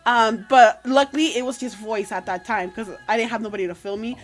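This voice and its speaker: Woman, casual storytelling, filler-heavy, slightly high voice. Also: brisk, faint music behind. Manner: chatty, code-switching anecdotes with many fillers. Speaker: guest.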